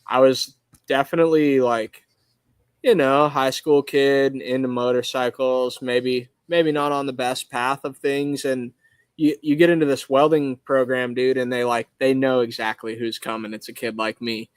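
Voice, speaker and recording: A laid-back man with an Arizona accent speaks as a guest over a video call from his welding shop. He talks in a loose, rambling way, full of fillers, at an ordinary pitch. The sound is dry and close. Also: fairly even intonation, normal speed, smooth, no room sound. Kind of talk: casual interview chat.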